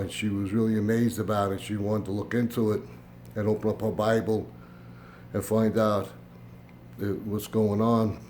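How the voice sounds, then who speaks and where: An older man with a fairly low voice talks to his camera at home, rambling through a story with plenty of "uh"s and "um"s. He acts out both sides of a conversation, and a faint hum sits under the recording. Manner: meandering storytelling with fillers, voice rising into animated retelling. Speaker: YouTube channel host. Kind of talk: casual rambling monologue to camera.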